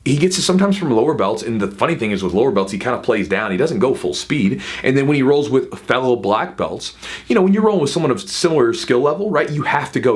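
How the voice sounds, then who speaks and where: A man in his thirties, a jiu-jitsu coach, talking casually to camera with quick asides and frequent "right?". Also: medium pitch. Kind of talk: casual advice talk to camera.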